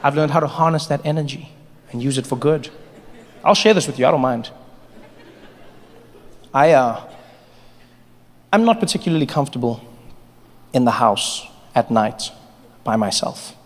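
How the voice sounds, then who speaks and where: A man doing a stand-up comedy set on a large theater stage, telling his story in an animated way, with sudden drops and jumps in his voice. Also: mid-range voice, moderate pace, pauses often. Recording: live show in a reverberant hall.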